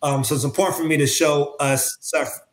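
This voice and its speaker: A man's voice: fairly high pitch, fairly even intonation, fairly quick. A man speaking earnestly as an interview guest, searching for his words with many fillers and restarts in reflective conversation. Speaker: interview guest, creative artist. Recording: roomy echo.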